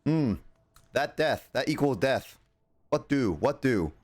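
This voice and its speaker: A man's voice: mid-range voice, expressive, takes it slowly, no room sound. A man chatting casually with his viewers while playing a game on a livestream, rambling and reacting as he goes. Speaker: streamer. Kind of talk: casual gameplay livestream chat.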